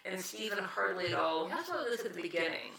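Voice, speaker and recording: A woman's voice: mid-range voice, expressive, fast, vocal fry, very echoey, far from the mic, a crowd in the background, poor audio. A woman co-hosting a podcast in casual chat, telling stories with frequent laughter. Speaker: podcast co-host.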